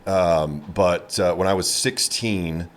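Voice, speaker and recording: Deep-voiced man telling his story haltingly. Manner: halting storytelling, many fillers and restarts. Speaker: comedian guest. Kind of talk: casual podcast interview.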